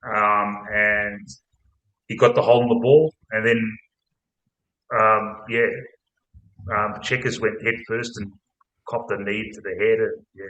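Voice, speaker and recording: An Australian man hosting a casual football podcast, blunt, sweary and excitable. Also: on the low side, a little slow, long pauses, lo-fi sound. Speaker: podcast host. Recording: roomy echo.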